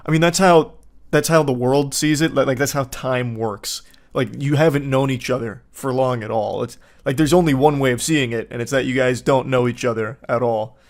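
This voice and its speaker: A male commentator with a middle-pitched voice riffs sarcastically through casual reaction commentary. His delivery is dry and deadpan, and he swears freely. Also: normal speed. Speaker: online commentator reacting to texts.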